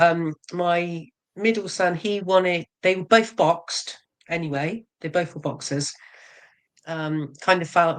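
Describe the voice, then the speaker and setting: Frank woman bodybuilder, lowish voice. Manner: frank, self-mocking, laughs often. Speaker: bodybuilder guest. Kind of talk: casual interview chat.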